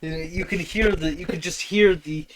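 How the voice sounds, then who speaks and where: Sarcastic young man with a high voice. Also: measured pace, low-quality recording. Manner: sarcastic, crude, deadpan. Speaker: podcast host. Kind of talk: casual joking chat.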